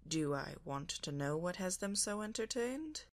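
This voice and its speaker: A woman's voice: on the low side, expressive, a little slow, no echo. A woman voicing a dignified, weary older male starship captain with a dry, droll delivery.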